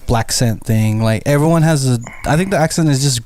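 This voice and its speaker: A man's voice: medium pitch, brisk, darkish tone. A man, a podcast co-host who rambles casually and fills his speech with "like.". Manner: rambling, filler-heavy. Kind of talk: casual chat.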